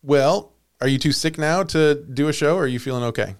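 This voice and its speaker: A man's voice: on the high side, a little fast, smooth. A man hosting a comedy podcast, telling a story in playful casual chat and laughing often. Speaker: podcast host.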